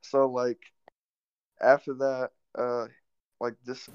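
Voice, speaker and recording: A man's voice: medium pitch, flat delivery, slow pace, clear, resonant tone, no room sound. Rambling young man telling a story. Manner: rambling, profane, laid-back. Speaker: podcast host. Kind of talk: casual storytelling. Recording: dull, dry lo-fi recording.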